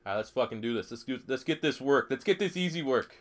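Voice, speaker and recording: A young man live streams a football video game, talking fast at a medium pitch with lively intonation. His casual commentary is full of swearing and jokes, and he reads chat questions aloud.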